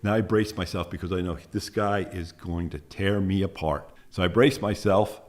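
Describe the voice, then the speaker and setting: A man's voice: low-pitched, moderate pace. Older man telling war stories plainly. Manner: plainspoken, animated when recounting confrontations. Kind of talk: casual first-person storytelling.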